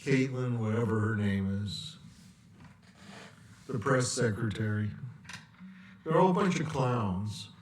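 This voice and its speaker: Unhurried male commentator, sarcastic and rambling, recorded in an echoey room. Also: medium pitch, distant mic. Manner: rambling, sarcastic, with long pauses. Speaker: political commentator. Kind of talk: political rant vlog. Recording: echoey room, away from mic.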